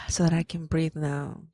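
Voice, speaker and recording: A woman co-hosts a casual podcast chat, rambling through her stories with plenty of "like"s. Her voice sits a little low. The sound is dry and close, with no room echo. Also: a bit bright. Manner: chatty storyteller, many fillers like "like". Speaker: podcast co-host.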